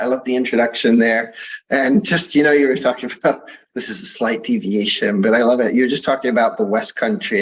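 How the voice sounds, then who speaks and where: A husky-voiced man hosting an interview. He talks in a loose, rambling, chatty way and laughs easily. His pitch sits in a middling range for a man. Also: poor audio. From England. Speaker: podcast host. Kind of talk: casual interview chat.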